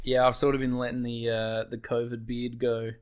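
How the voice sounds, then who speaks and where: A man's voice: medium pitch, monotone, normal speed, smooth. A man co-hosting a podcast with his brother, teasing him in casual banter and laughing often. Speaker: podcast co-host.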